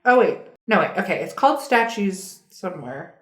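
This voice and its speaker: A woman's voice: medium pitch, animated, normal speed. A woman co-hosting a podcast in casual chat, reading out facts from a web page as she talks. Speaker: podcast co-host. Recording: roomy echo.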